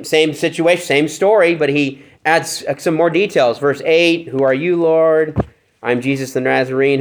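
A male pastor teaching a Bible study, reading passages aloud and asking rhetorical questions. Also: on the high side. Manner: reads scripture aloud and asks rhetorical questions.

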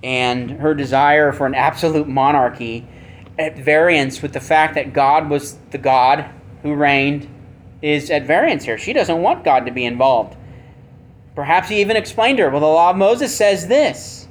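A man preaching a sermon with emphasis, asking rhetorical questions and swinging between loud and soft. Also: a little high, moderate pace, a little hiss or hum. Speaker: pastor.

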